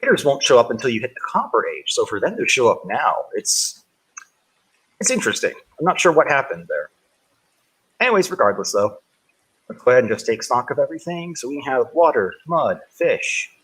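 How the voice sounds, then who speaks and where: A man's medium-pitched voice swings widely in pitch, moving briskly with a bit of brightness and a breathy edge; the recording is rough. In his casual game live-stream he rambles, keeps correcting himself, and cheerfully greets viewers by name.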